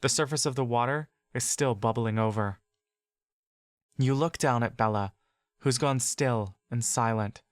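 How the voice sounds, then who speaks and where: A man narrating a fantasy audio story in the second person, with slow, measured intensity. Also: mid-range voice, dry recording, clean studio sound.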